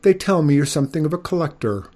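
A man voicing a polite, hapless young prince who pleads with courteous, pitched-up speech. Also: lively intonation, quick pace, dark tone. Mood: pleading.

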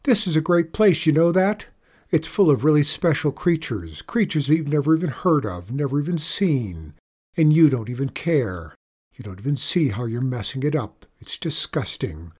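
A man's voice: mid-range voice, animated, moderate pace, a little mellow, husky. A man voicing an indignant, snappy middle-school girl who loves nature. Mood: ranting.

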